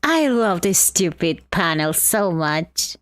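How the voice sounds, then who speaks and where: A woman's voice: fairly low pitch, very animated, slow pace, a little hiss or hum. Bubbly chatty woman streamer. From Argentina. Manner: bubbly, chatty, greets and answers chat. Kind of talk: casual live-stream chat while drawing.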